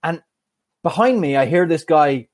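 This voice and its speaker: A man in his mid-thirties telling a story on a podcast with a slightly high voice. He is animated and acts out the people in his tale. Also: moderate pace. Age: mid-30s. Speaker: podcast co-host. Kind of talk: casual chat, anecdote.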